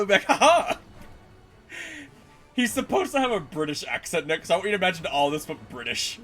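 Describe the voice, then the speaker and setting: A man giving casual, jokey commentary while playing a video game with friends, animated and quick to swear. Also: high-pitched, faint music behind.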